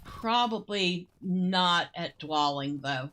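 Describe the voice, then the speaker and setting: Slow-talking woman narrating her gameplay. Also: on the low side, expressive, a bit bright. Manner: chatty and unhurried, muses aloud, laughs easily. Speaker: gameplay host. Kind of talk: casual gameplay commentary.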